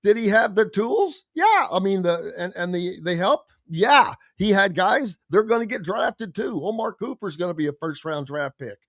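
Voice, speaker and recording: A man's voice: high-pitched, normal speed, hardly any pauses, dry recording, studio quality. A man hosting a sports radio show, chatting casually and animatedly and slipping into voices and impressions. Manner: animated, does voices and impressions while talking.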